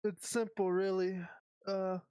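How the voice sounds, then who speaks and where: A woman's voice: mid-range voice, level tone, a little slow, warm tone, clear, resonant tone, dry recording, clean studio sound. A woman playing her character in a tabletop game, easygoing and a bit hesitant. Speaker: player.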